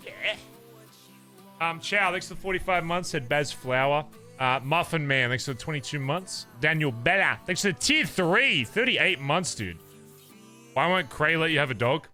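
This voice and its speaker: A young Australian man with an Australian accent, chatting casually and swearing as he rants playfully to his stream viewers. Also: a little high. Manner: animated, swearing, ranting playfully. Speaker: livestreamer.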